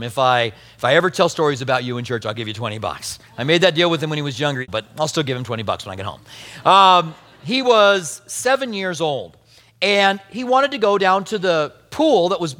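A middle-aged male pastor preaching a sermon, telling family stories in a conversational, animated way. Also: fairly high pitch, long reverb tail.

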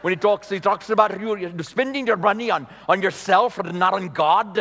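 A man's voice: high voice, moderate pace, a bit bright. A man doing a chiding Indian preacher with rolled R's. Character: impression of a male Indian preacher, earnest and chiding. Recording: long hall reverb, off-mic.

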